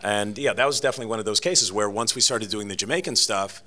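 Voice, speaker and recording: A man answering interview questions as a guest voice actor on a convention panel, chatty and animated, with laughs and restarts. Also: lowish voice, fast.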